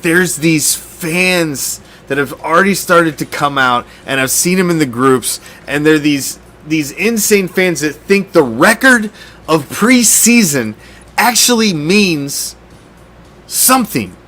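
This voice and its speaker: A man's voice: on the high side, lively intonation, slow, sharp tone. A man hosting a fan sports show, ranting in a heated, sarcastic and profane way, with loose stumbling restarts. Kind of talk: casual ranting commentary.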